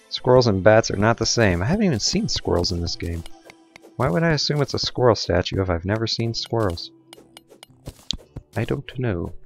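A young man talks through his gameplay in a relaxed, rambling way. His voice sits deep and low, and he drifts into goofy, self-mocking asides. Faint music plays softly behind him. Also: vocal fry. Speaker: let's play gamer. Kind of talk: casual gameplay commentary.

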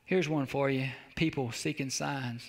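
A man's voice: mid-range voice, fairly even intonation, a little slow, creaky. A man pastor preaching a sermon, exhorting and repeating calls to the congregation. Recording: long hall reverb.

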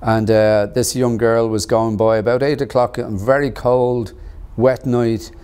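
A middle-aged man, telling his life story in an interview, measured and earnest, with pauses and fillers. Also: medium pitch, level tone, darkish tone, smooth. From Ireland. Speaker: actor and author interviewed about his book. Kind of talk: reflective personal storytelling.

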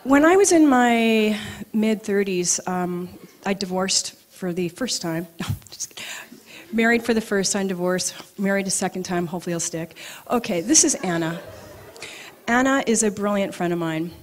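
A middle-aged woman telling personal stories at a live event, animated and acting out both sides of her conversations. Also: mid-range voice, normal speed. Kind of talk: live storytelling talk. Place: event venue, audience present.

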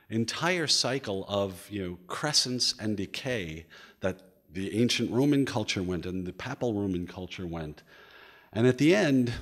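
A man giving a lecture at a museum, animated and enthusiastic, often repeating words and filling pauses as he thinks aloud. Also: fairly low pitch.

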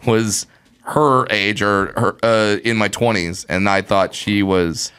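A man's voice: lowish voice, steady tone, slow, a bit bright, clear, resonant tone. A man telling a comic story in casual podcast chat, acting out voices with big jumps in his delivery. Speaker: comedian guest.

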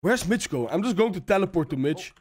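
A young man hosting a gaming video, giving excited gameplay commentary, laughing often and yelling at his teammates. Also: high-pitched, fairly quick.

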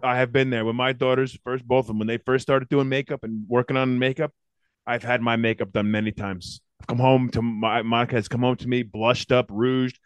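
A man's voice: medium pitch, little pitch movement, brisk, clear, resonant tone, dry recording. A middle-aged man co-hosting a podcast, telling rambling stories in casual, profane chat. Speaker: podcast co-host.

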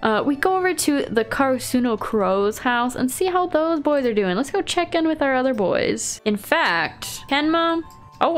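Woman gaming host, playful teasing commentary, faint classical music underneath. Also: medium pitch. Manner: playful, teasing, chatty with characters. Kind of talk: casual let's-play commentary.

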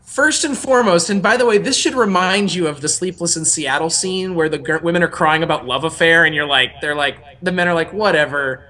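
A young man co-hosting a podcast, talking casually in a rambling, animated way that often breaks off and restarts. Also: on the high side, brisk, few pauses. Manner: rambling, self-interrupting, animated. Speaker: podcast co-host.

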